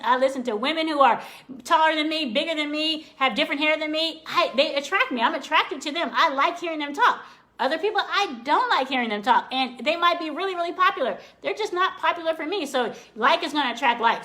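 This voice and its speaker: A woman's voice: high voice, fairly bright tone. A woman coach talking live to viewers, upbeat and encouraging, repeating phrases for emphasis and greeting people as they join. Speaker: online course coach. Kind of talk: live-stream coaching talk.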